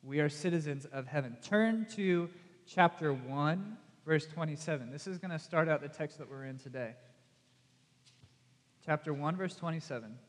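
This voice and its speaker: A man's voice: a little high, normal speed. A man with a Southern US accent giving a casual, conversational sermon as pastor. He speaks in a chatty, self-deprecating way and puts direct questions to his audience. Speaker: youth pastor. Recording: long reverb from a hall.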